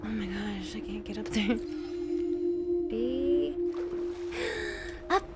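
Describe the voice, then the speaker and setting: A woman's voice: fairly high pitch, sing-song, extremely slow, over loud music. A young adult woman giving casual, chatty let's-play commentary, giggling often and filling her talk with "like". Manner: chatty and giggly, full of "like" fillers. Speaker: video game streamer.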